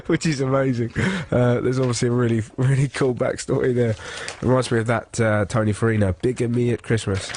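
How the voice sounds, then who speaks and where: A man's voice: mid-range voice, fairly even intonation, normal speed, a little mellow. A man hosting a radio show, chatting casually, laughing often and teasing his co-host. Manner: giggly, teasing.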